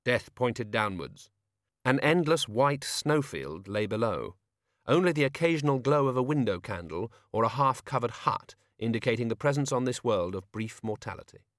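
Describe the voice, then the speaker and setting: A man narrating a story as an audiobook, steady and wry. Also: medium pitch, moderate pace, no echo, studio quality.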